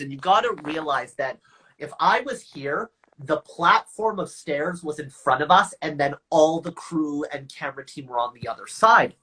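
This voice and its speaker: A young man with a bright, forward voice tells a story as a guest in an interview. He talks with plenty of energy and bounces into higher voices to act out what people said. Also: breathy edge, poor audio. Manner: energetic, acts out quoted lines in higher voices. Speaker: actor guest.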